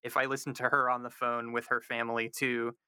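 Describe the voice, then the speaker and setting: A man's voice: medium pitch, little pitch movement, brisk, bright, forceful tone, clean tone, no echo. A man from the American South, a linguistics professor, answering radio interview questions thoughtfully with many fillers and restarts. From American South, North Carolina.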